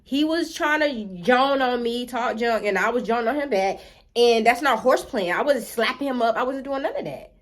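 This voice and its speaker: A woman telling a story to her viewers, animated and talking straight to them. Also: on the high side, normal speed. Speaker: vlogger. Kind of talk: storytime vlog.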